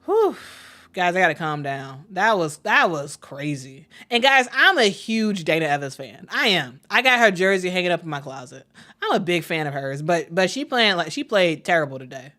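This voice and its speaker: A woman calling a live basketball game for her stream, chatty and excitable, talking straight to her viewers. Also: lowish voice, moderate pace. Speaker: play-by-play commentator. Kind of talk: casual live play-by-play stream.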